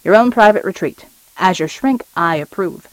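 Woman reading a male psychiatrist, gruff, Midwestern twang, wry, casual, dry sound. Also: medium pitch, normal speed, no echo, lightly acted, low-quality recording. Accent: Midwestern American.

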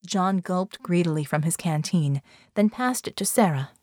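A woman narrating an adventure audiobook in a steady, even storytelling manner. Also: fairly low pitch, normal speed, no echo, clean studio sound. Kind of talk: scripted narration.

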